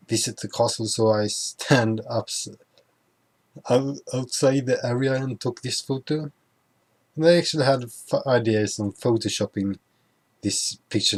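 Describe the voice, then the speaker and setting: Slow, halting young man recapping a trip. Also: lowish voice. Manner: halting, full of restarts and self-corrections. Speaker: vlogger. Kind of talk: casual travel recap over photos.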